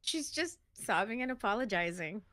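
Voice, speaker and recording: A woman's voice: mid-range voice, animated, moderate pace, pushed and bright, no room sound. A woman playing a tabletop game, speaking hesitantly and restarting her sentences. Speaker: player.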